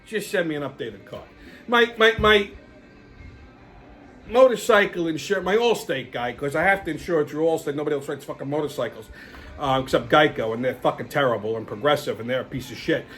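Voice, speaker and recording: A man hosting his own show, telling stories in a profane, exasperated, animated rant. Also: fairly high pitch, a little fast, soft background music. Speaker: show host. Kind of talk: casual storytelling rant.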